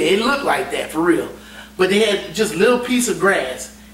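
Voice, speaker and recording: A navy veteran tells a casual story in a lively, swooping, high-sitting voice, swearing freely and laughing often. He sits at a distance from the mic in an echoey room, and a faint hum runs beneath the recording.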